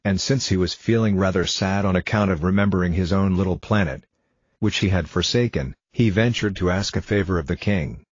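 A man reading a storybook aloud for English learners in a calm, measured way. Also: low voice, slightly rough, dry recording. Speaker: storybook reader. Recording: dull lo-fi dry recording.

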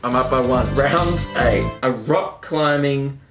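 Cheeky young man in an echoey room. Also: medium pitch. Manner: cheeky, joking, quick to laugh. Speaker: co-host of a couple's channel. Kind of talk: casual playful vlog chat. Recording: echoey room with loud music behind.

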